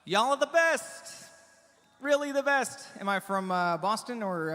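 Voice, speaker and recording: High-voiced man rambling on a bar stage. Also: animated, sharp tone. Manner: rambling, halting, with stammered restarts. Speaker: singer-songwriter performing live. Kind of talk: between-song stage banter. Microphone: stage vocal mic. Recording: live bar recording with long reverb and band music. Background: guitar and band music.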